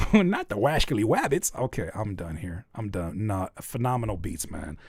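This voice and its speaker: A man hosting a live music critique show, ranting with animated, exasperated humor. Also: on the low side, slow pace, vocal fry, slightly rough, dry recording. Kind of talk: livestream music feedback, casual and comedic.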